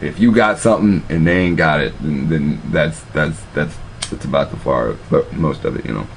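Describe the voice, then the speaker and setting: A man's voice: a bass voice, normal speed, a little hiss or hum. A man telling profane, meandering stories in a casual monologue, often restarting his sentences. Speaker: video host. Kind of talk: casual rambling storytelling.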